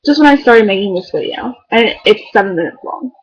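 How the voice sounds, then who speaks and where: A woman's voice: medium pitch, lively intonation, brisk, slightly rough, muffled recording. A teenage girl chatting casually to the camera, rambling and filling her talk with "like". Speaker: beauty vlogger. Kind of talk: casual chat.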